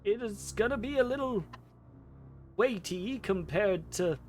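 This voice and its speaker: Guy putting on shaky old elf wizard, frail and fussy, slow and quavery, music under it. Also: high-pitched, lively intonation, voice pushed up. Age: older. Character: ancient frail male drow mage alchemist.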